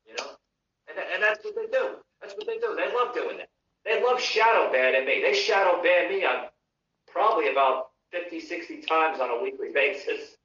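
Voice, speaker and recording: A man's voice: fairly high pitch, normal speed, pushed and bright. A man hosting a live podcast, ranting casually about politics with swearing and repeated restarts. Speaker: podcast host. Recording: muffled, echoey audio heard from a distance.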